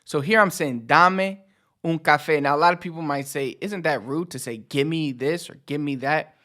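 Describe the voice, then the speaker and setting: A man's voice: fairly high pitch, brisk. Laid-back man teaching a language. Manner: relaxed, explains with fillers like "so" and "like". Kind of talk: casual language lesson.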